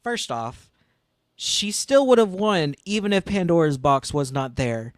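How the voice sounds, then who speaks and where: A man's voice: on the high side, sing-song, unhurried, dry recording, clean studio sound. A man co-hosting a casual podcast, giving passionate, emphatic fan opinions. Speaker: podcast co-host.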